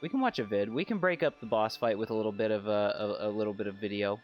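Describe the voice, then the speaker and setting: A man's voice: on the low side, quick pace, highs cut off, faint music behind. A man streaming a game and chatting casually, rambling and swearing as he restarts his phrases. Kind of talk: casual livestream chat.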